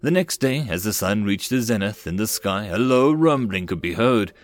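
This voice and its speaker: A man narrating a web novel audiobook in a plain, even reading voice. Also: on the low side, moderate pace.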